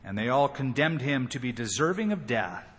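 A man's voice: medium pitch, normal speed, breathy edge. A man preaching a sermon, acting out the quoted lines as he retells the story. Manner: expressive, acts out quoted lines. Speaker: pastor. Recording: long hall reverb.

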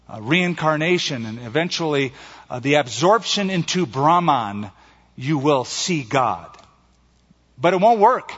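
A man delivers a sermon in an emphatic preaching style, drawing out the key phrases. His voice sits a little high for a man. The recording is somewhat muffled and carries the long reverb of a large hall. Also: a bit bright. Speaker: pastor.

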